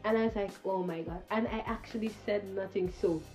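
A woman's voice: medium pitch, steady tone, a little fast, darkish tone, faint music behind. A young woman of about twenty, a guest telling her story earnestly on a radio interview, giggling now and then. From Saint Vincent.

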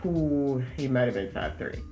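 A woman on a podcast telling a dating story in a casual, lively way, acting out both sides of the conversation. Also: a bass voice, moderate pace, reverberant, highs cut off, soft background music. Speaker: podcast guest.

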